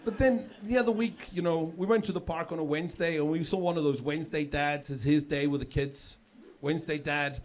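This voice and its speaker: His voice sits on the high side, and he talks a little fast with hardly any pauses. The middle-aged South African comic works a live club audience in a chatty stand-up set, repeating words as he builds toward punchlines while the crowd laughs.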